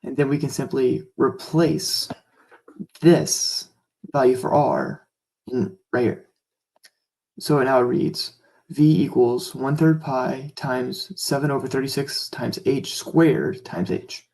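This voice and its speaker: Mellow-voiced man explaining calculus steps. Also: mid-range voice, steady tone, slow, vocal fry, poor audio. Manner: step-by-step, casual, with occasional fillers. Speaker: math tutor.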